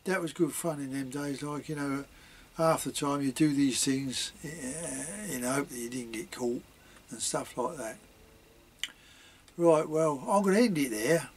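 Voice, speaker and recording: A man's voice: on the high side, breathy edge. An older man, rambling through childhood memories with lots of fillers and asides. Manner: chatty, many fillers and asides, dialect grammar. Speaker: vlogger telling childhood memories. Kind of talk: rambling spoken reminiscence.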